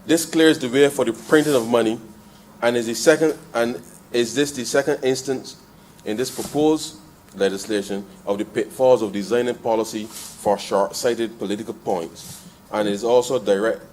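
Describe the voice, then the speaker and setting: A man speaks in a parliament chamber into a desk microphone, his voice in a middle register. He addresses the chair with a steady "sir" and builds to emphatic, louder passages. A faint background hum sits under the speech. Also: mid-range voice, normal speed, rough recording. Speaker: member of parliament.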